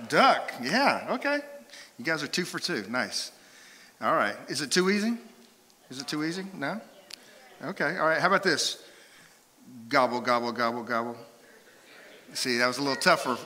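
A man preaching a sermon as pastor, playful and lively with his congregation. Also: on the high side. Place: church sanctuary. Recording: hall reverb in a church sanctuary.

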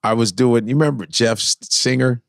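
A man, a comedian guest on a podcast, telling animated stories with lots of cursing and impressions. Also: mid-range voice, a little fast, vocal fry, no room sound, studio quality. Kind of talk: casual podcast storytelling.

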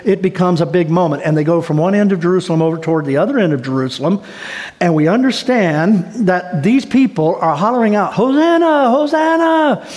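A man delivers a sermon from the pulpit in a high, lifted voice. He tells folksy, animated stories with playful asides. A long hall reverb trails each phrase. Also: a little fast. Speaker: pastor. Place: church sanctuary.

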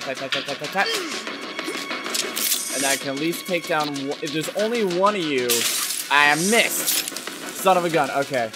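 A man commentating his own gameplay, excitable and muttering to himself as he plays. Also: fairly high pitch. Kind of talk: let's play commentary.

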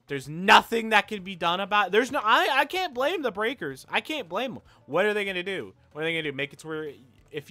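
A man's voice: on the high side, sharp tone. A young man giving frustrated, profane commentary over his gameplay, often repeating and restarting his phrases as he rants. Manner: ranting, frustrated, swears often. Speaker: gaming video creator.

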